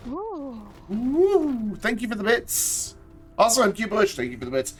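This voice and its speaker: A man's voice: high-pitched, wildly swooping pitch, moderate pace, faint music behind. A man casually commenting while he plays a game on a live stream, thinking aloud and chatting to the things on his screen. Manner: chatty, talks to himself and to objects in the game; mumbles and repeats himself while thinking aloud.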